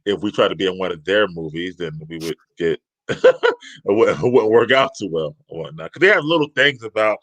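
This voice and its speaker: A man's voice: low voice, expressive, fairly quick, a bit bright, dry recording. A man co-hosting a casual chat show, laid-back and agreeable, laughing often. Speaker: podcast co-host.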